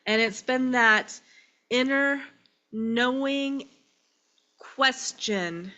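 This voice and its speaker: A woman minister preaching a sermon. She is crying and speaks in short phrases with pauses. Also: sits high, sharp tone, lo-fi sound. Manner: slow, emotional and tearful, with pauses between phrases.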